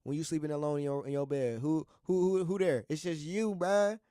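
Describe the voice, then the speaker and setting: A young college student hosting a radio show, talking casually and earnestly, rambling and repeating himself with slang. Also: male voice, a little high, fairly even intonation, a little fast, warm tone, clean tone, no echo, clean studio sound. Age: young adult. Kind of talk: casual motivational monologue.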